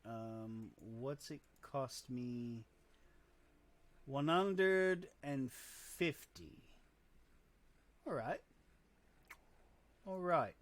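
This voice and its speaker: Man in his own casual voice, mid-pitched, unhurried, self-mocking gameplay commentator. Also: fairly bright tone. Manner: slow, muttering to himself, self-deprecating. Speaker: gamer.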